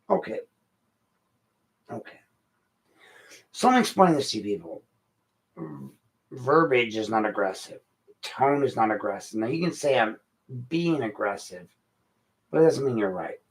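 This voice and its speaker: A man's voice: medium pitch, animated, moderate pace, pauses often, rough recording. A middle-aged man, hosting an unscripted late-night podcast and talking bluntly in a frustrated rant. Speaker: podcast host.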